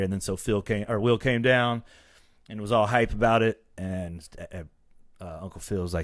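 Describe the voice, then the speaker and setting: A man hosting a casual chat show, with a lowish voice and a dry, close sound. He tells stories in an animated way, acting out quoted lines as he goes. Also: normal speed, dry recording. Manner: animated storyteller, acts out quotes. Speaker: podcast host.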